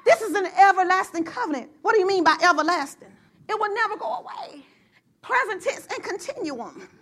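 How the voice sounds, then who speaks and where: A woman pastor preaching a sermon to her church, getting excited and rising to shouts as she calls out to the congregation. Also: very high voice, a little fast.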